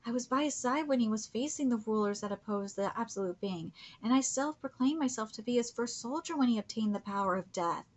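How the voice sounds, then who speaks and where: A woman's voice: a little high, lively intonation, a little fast, few pauses, voice pushed up. Woman reading as a loyal shadow soldier. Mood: solemn. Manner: plain reading, formal.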